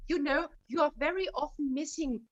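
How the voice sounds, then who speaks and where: A woman's voice: high-pitched, brisk, highs cut off. A woman coaching an opera singer in a masterclass. She is direct and insistent, and she calls the singer darling. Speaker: vocal coach.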